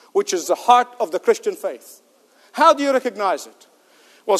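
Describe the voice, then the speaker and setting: A male preacher giving an emphatic sermon with rhetorical questions and joking asides. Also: high voice. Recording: long hall reverb.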